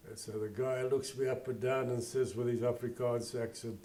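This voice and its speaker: Older man, from south africa, mellow warm voice, plainspoken, rambling memories. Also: mid-range voice, fairly even intonation, moderate pace, few pauses. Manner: plainspoken, digressive storytelling. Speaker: interviewee. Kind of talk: oral history interview.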